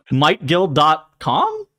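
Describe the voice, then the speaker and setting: Young dude on a gaming pod, really high voice, laughing thru a story. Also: male voice, fairly bright tone. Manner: storytelling, laughing, mimics others. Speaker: podcast co-host. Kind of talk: casual gaming chat.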